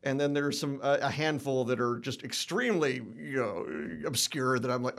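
A man's voice: mid-range voice, moderate pace, vocal fry, a bit bright. A man who writes books, talking easily about how his characters should sound. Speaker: author. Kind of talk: conversational panel talk.

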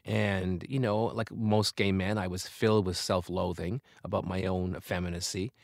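Candid, reflective man with a low voice. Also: moderate pace, creaky, no echo, studio quality. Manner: reflective and candid, with sudden lively bursts of laughter. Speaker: interview guest, comedian and author. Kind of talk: conversational interview.

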